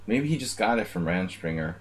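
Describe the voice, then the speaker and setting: A man's voice: sits low, animated, brisk, a little hiss or hum. A man live-streaming blitz chess, chatting casually with viewers and rambling jokingly between moves. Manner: rambling, joking, talks to chat.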